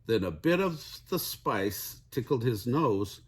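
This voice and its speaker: A man's voice: mid-range voice, expressive, slow, few pauses, slightly rough. An older man reading a children's storybook aloud, chuckling now and then. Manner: chuckles while reading, occasional stumbles.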